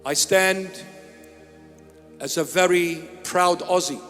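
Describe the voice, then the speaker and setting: High-voiced man preaching in a reverberant church. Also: fairly bright tone. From Iraq. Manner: solemn, emphatic, repeats key phrases in short measured lines. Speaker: bishop preaching. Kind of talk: sermon. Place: large church. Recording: long church reverb with faint music.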